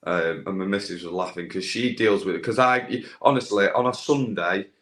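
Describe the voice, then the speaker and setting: A man's voice: deep voice, normal speed, fairly bright tone. A young man chatting casually as a podcast guest, rambling with lots of fillers and restarts. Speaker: guest, landscaping business owner with a social media following. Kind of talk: casual chat.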